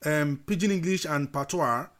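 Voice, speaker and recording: A man's voice: fairly high pitch, normal speed, fairly bright tone. Nigerian man chatting about language. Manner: mixes English with Pidgin, frequent fillers and restarts. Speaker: host. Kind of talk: casual language chat.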